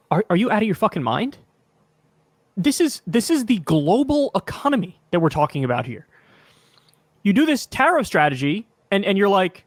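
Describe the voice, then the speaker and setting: A man with a high voice rants about politics in an exasperated, emphatic way and swears freely. The sound is dry and close to the mic. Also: very animated, fairly quick, no room sound. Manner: exasperated, profane, emphatic ranting. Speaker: political commentary host. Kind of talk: reaction video commentary.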